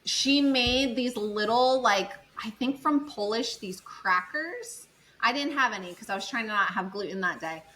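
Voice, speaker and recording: A woman's voice: a little high, moderate pace, rough recording. A woman co-hosting a podcast, chatting casually and acting out other people's lines as she tells a story. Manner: animated storyteller acting out quotes. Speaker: podcast co-host. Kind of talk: casual chat.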